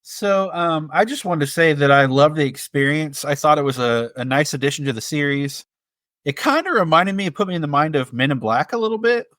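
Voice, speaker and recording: A man co-hosting a casual podcast, making brief and measured remarks. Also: fairly high pitch, a bit bright, dry recording. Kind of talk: casual chat.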